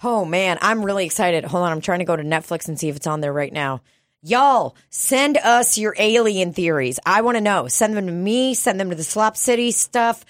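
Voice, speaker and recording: A woman co-hosting a podcast in casual chat, swearing a lot, excitable and quick to laugh. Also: medium pitch, no echo, clean studio sound. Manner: profane, excitable, laughs often. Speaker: podcast co-host.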